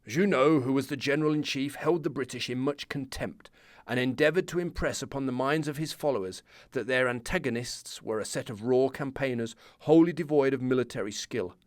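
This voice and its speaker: A man's voice: medium pitch, dry recording, clean studio sound, lightly acted. A man reading as a proud male army captain, in a formal period style.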